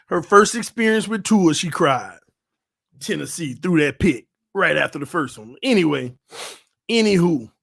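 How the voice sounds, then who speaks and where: A man hosting a casual live stream, talking loud and playful with lots of trash talk. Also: on the high side, animated, normal speed, gravelly, no room sound, studio quality. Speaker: YouTube channel host. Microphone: desk mic, no headphones.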